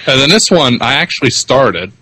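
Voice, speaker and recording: A man co-hosting a podcast in loose, rambling conversation, his pitch rising and falling in a lively way. He laughs often and swears casually. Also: moderate pace, breathy edge, poor audio. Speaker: podcast co-host. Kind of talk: casual chat.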